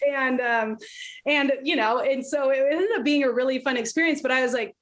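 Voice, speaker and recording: Late-30s woman telling her story on a podcast, blunt, animated, slightly high voice. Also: fairly quick. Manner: candid, animated storytelling, swears, laughs often. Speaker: podcast guest. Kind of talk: casual conversation.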